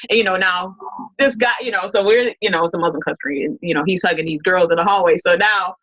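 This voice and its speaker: A woman's voice: fairly low pitch, fast talker, fairly bright tone, lo-fi sound. A woman as an interview guest, telling a story in a casual, rambling way full of restarts and quoted dialogue.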